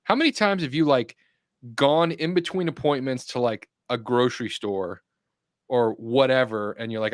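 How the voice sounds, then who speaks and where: A man's voice: medium pitch, moderate pace, dry recording, clean studio sound. A man co-hosting a casual podcast chat, emphatic and blunt, swearing and mimicking exasperation. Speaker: real estate agent and podcast co-host.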